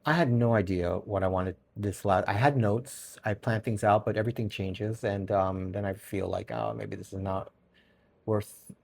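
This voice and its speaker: A man's voice: fairly low pitch, normal speed, few pauses, slight background noise. A middle-aged man with a Brooklyn accent hosting a casual solo podcast, rambling and often restarting his sentences. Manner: rambling, self-correcting, chuckles often. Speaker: podcast host.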